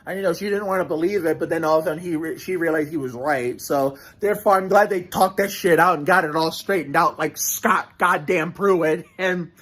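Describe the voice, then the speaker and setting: A man with a fairly high voice talks loosely and casually, tripping over his words and restarting sentences often. He swears freely as he rambles on. The talk is unscripted and meandering. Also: brisk, hardly any pauses, a bit bright. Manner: rambling, profane, many restarts. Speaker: vlogger reacting to a show.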